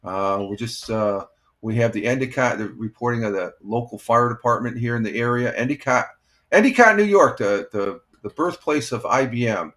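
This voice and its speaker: A man's voice: fairly low pitch, fairly even intonation, moderate pace, a bit bright. A man in his sixties, a retired firefighter, hosting a casual morning live stream and chatting with viewers in a rambling, easygoing way with many fillers. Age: 60s.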